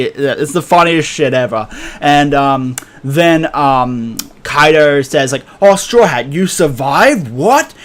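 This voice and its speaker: A young man recapping a comic chapter casually, excitable and profane, thick with fillers and laughter. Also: on the high side, smooth. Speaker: manga reviewer.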